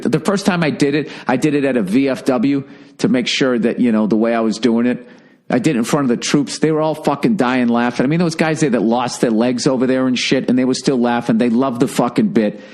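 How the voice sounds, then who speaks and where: A man's voice: mid-range voice, a little mellow. A middle-aged man, a comedian, ranting heatedly and profanely in a sarcastic monologue.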